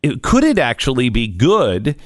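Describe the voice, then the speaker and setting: A man's voice: mid-range voice, huge pitch swings, normal speed, no room sound, clean studio sound. A middle-aged man hosting a casual talk radio show, self-deprecating and asking pointed questions. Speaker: radio host. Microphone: studio microphone.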